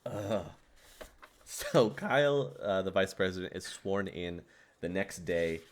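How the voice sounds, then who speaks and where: A man's voice: low-pitched, lively intonation, takes it slowly. A man hosting a casual podcast, relaying game lore details between laughs. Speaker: game master and host.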